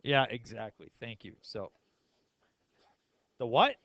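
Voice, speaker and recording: A man's voice: mid-range voice, sing-song, slow, fairly bright tone, no echo, highs cut off. Casual, joking man teaching math. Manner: casual, joking, asks the class questions. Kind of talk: classroom lecture.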